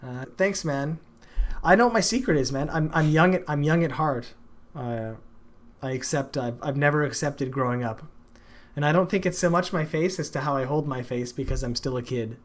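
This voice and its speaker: A man's voice: on the high side, normal speed. A man, a father, hosting a stream and ranting emphatically about food with lots of swearing. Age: adult father. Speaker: streamer, show host. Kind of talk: casual profane chat.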